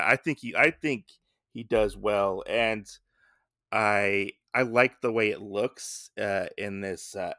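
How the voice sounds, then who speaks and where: Guy rambling through a comic recap, lots of uhs, bright voice, dry close mic. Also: on the low side, gravelly, dry recording. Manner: rambling, many fillers. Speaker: podcast host. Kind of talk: casual comic book recap.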